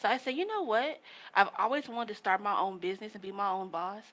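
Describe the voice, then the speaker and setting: A woman guest on a podcast, calmly telling how she came to start her own business. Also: mid-range voice, fast. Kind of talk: casual interview. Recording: faint background noise.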